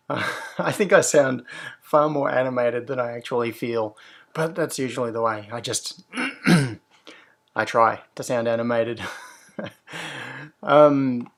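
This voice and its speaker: A man hosts a relaxed livestream, with a gravelly edge to his mid-range voice. He greets his viewers brightly, then talks through technical answers at length, wandering off on tangents as he goes. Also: medium pitch, takes it slowly, long pauses. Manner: upbeat greetings, rambling technical explanations. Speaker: host. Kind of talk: casual livestream chat.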